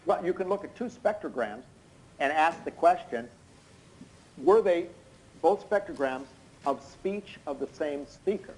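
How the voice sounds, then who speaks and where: A hoarse, tired man giving expert courtroom testimony over a video call, explaining in an unnaturally loud voice with many hesitant fillers. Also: fairly high pitch, lively intonation, a little slow, rough recording. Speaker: expert witness. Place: indoors in London at night.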